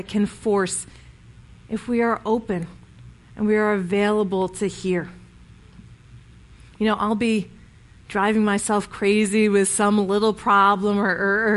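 A woman's voice: mid-range voice, a bit bright. A woman preaching a sermon in a conversational, storytelling way, often restarting her sentences.

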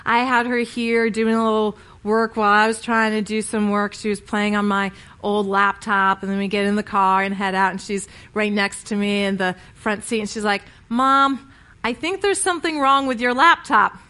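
A woman's voice: mid-range voice, monotone, moderate pace, hardly any pauses, fairly bright tone, clean tone. A woman preaching a sermon in a conversational, storytelling way, often restarting her sentences.

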